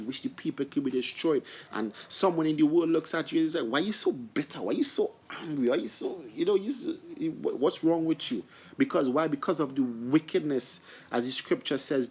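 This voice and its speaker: A man's voice: mid-range voice, slightly rough. A man giving an informal scripture study talk, often asking and answering his own questions and stumbling over repeated words. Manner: stumbling restarts and fillers. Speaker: scripture teacher.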